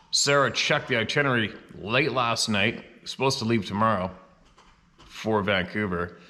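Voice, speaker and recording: A middle-aged host from Canada holds forth in a loose, casual monologue. His voice sits low but has a bright, forceful edge, and he is blunt and fiery, swearing freely as he rants. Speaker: show host.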